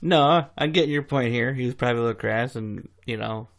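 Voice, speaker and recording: Podcast co-host guy, gravelly voice with lots of fry, super laid back. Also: mid-range voice, a little fast. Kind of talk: casual podcast chat.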